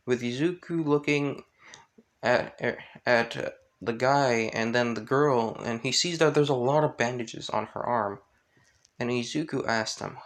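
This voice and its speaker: A man's voice: mid-range voice, fairly even intonation, measured pace, a bit bright. A young man casually narrating a fan story, rambling with frequent restarts and hesitations.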